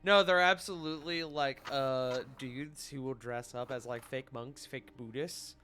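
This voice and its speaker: A man chatting casually as a player in a tabletop game, telling stories in an animated way with quick asides. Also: mid-range voice, clear, resonant tone. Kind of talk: casual chat.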